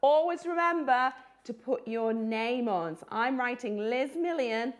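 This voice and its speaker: A woman's voice: fairly high pitch, lively intonation, unhurried. A woman who illustrates children's books, giving a live drawing tutorial for children and gasping and exclaiming over her sketches.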